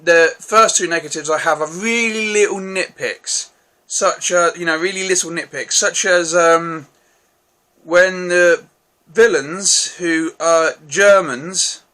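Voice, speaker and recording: A man's voice: fairly high pitch, bright, forceful tone. A man hosting his own channel, giving a casual, rambling film review with many restarts and mild, self-deprecating remarks.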